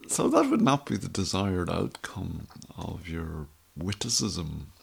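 A man's voice: sits low, wildly swooping pitch, slow, gravelly, husky. A middle-aged Irish man telling a rambling, wry story in a casual monologue. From Ireland. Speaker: vlogger.

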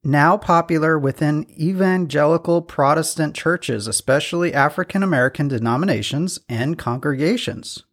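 A man co-hosting a podcast in casual chat, reading out trivia with self-deprecating jokes. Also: a little high. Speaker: podcast co-host.

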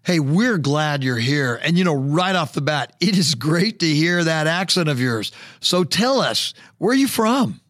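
High-voiced man hosting a podcast. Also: expressive, unhurried, hardly any pauses, a bit bright, dry recording, studio quality. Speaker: podcast co-host. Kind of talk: interview questions.

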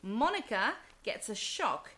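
A woman's voice: fairly high pitch, big pitch swings, slow pace, pushed and bright. A woman with a Southern English accent co-hosting a podcast in chatty, casual talk. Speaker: podcast co-host. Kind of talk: casual chat.

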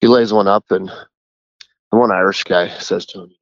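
A man's voice: low-pitched, fairly even intonation, a little slow, dry recording, highs cut off. A man who works as a caddie, telling a rambling story in a casual voicemail. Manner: chatty, rambling.

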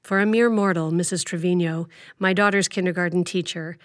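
A woman in her thirties hosts the show, moving between scripted narration and a friendly interview. Her voice sits low, and the recording is dry and close, with no room sound. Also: steady tone, brisk, no room sound. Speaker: host and interviewer.

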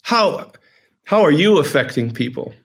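A middle-aged man with a high voice tells a personal story straight to his viewers. He rambles and circles back, repeating words for emphasis as the feeling builds. His delivery is casual but emotional. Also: sing-song, measured pace, vocal fry. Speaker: host.

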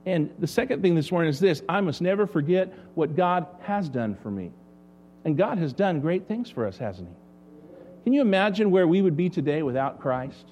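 A man's voice: on the high side, big pitch swings, normal speed, a little mellow, a little hiss or hum. A man preaching a sermon as pastor, asking the congregation rhetorical questions.

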